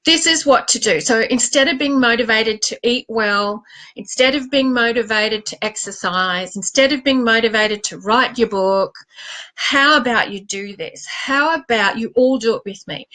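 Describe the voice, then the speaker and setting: A woman's voice: fairly high pitch, low-quality recording. An Australian woman in her late forties, a life coach talking candidly and animatedly to camera in a vlog, mocking herself as she goes. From Queensland, Australia. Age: 40s. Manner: animated, confiding, self-mocking.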